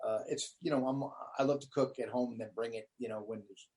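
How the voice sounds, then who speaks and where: Relaxed male comedian, full of fillers. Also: mid-range voice, quick pace. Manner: relaxed, loose talk with many fillers. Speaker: comedian guest. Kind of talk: casual interview chat.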